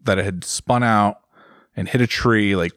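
A man's voice: lowish voice, a little slow, fairly bright tone, no echo. A man co-hosting a casual motorcycle chat, rambling with many fillers and restarts. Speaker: podcast co-host.

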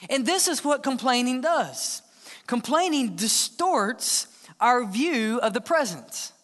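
A man preaching a sermon as the church's pastor, earnest, sometimes dropping to a hushed tone to press a point. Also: extremely high pitch, lively intonation, slow. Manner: earnest preaching, drops to hushed tones for emphasis. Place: church sanctuary. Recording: long church hall reverb.

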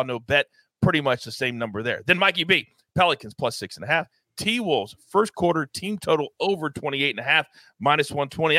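Loud hype guy hosting a betting show, bright punchy voice, dry close mic. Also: on the high side, no echo. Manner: hype, loud bursts and catchphrases. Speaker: sports betting show host. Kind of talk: energetic sports betting talk.

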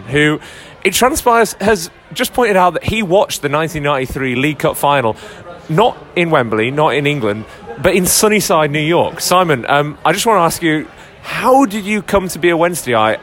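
A man's voice: fairly high pitch, fairly bright tone. A man hosting a podcast, chatting with an amused, wry manner while interviewing fans at a screening in a bar. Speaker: podcast host. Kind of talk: casual interview at a fan event.

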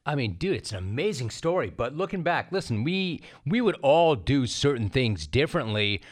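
A man's voice: mid-range voice, sing-song, normal speed, a little hiss or hum. Blunt man casually hosting. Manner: blunt, swears casually, teasing questions. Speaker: podcast host. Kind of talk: casual chat.

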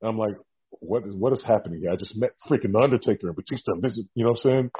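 A husky, low-pitched man recounts a story in a relaxed interview, switching into quick impressions of the people in it. The sound is a bit dull and lo-fi. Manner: animated storyteller acting out quotes. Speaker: guest, former wrestler.

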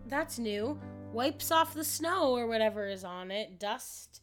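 A woman's voice: on the high side, unhurried, faint music behind. A woman co-hosting a podcast, casually retelling a musical's plot and acting out the characters' lines, with some swearing. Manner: animated, profane, acts out characters' lines. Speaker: podcast co-host.

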